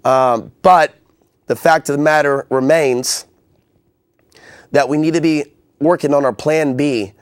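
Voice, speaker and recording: A man's voice: on the high side, steady tone, a little slow, pauses often, smooth, dry recording, studio quality. A man hosting a call-in public access show, talking in a loose, rambling way with many fillers and restarts. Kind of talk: casual call-in talk.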